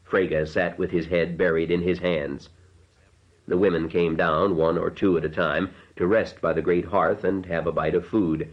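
A man reading an audiobook narration in a measured, unhurried way. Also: low voice, little pitch movement, lo-fi sound.

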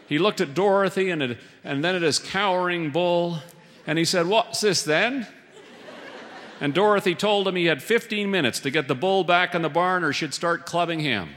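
A man tells a humorous story in a dry, wry way. His voice is somewhat high for a man. Each word trails off into the long reverb of a large hall. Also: normal speed, a bit bright.

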